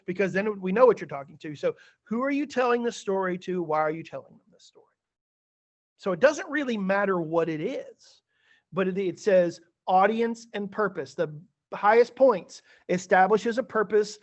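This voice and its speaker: A male teacher giving chatty, slightly theatrical feedback to students in an online class over a video call. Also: high-pitched. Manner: chatty, animated, a bit theatrical.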